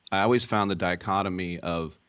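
A man's voice: deep voice, fairly even intonation, a little fast, fairly bright tone, clear, resonant tone, no room sound. A man hosting a sports talk radio show, asking loose, rambling questions full of fillers. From Berkeley, California. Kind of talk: casual radio interview. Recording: dull, lo-fi broadcast sound.

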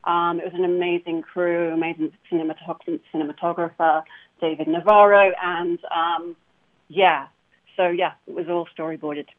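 A woman's voice: fairly low pitch, little pitch movement, moderate pace. A woman who acts, talking about her work in a casual interview, enthusiastic and full of fillers and restarts. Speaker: actor guest. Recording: phone line.

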